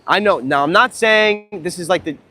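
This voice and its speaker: Young man, fairly high voice, beach livestream vlog, outdoors, handheld phone mic, profane, excitable, rambling. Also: normal speed, a little hiss or hum. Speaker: dating coach livestreamer.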